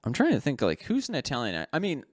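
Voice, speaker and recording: This male co-host talks quickly in a medium-pitched voice full of huge pitch swings, rambling through casual podcast conversation. He laughs often and corrects himself as he goes, captured cleanly in a studio with no echo.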